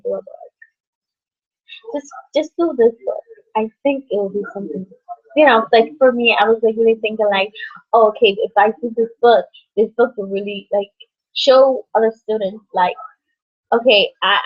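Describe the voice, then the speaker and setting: A young woman vlogging about her life and her book in a halting, rambling way, full of fillers and restarts. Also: medium pitch. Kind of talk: rambling personal vlog. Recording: dull lo-fi audio.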